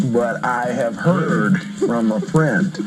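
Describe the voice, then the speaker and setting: Animated joking male storyteller. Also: mid-range voice, slow, music in the background, rough recording. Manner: joking, animated storyteller who laughs often. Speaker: rock singer being interviewed. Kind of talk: casual interview storytelling. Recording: vintage interview record.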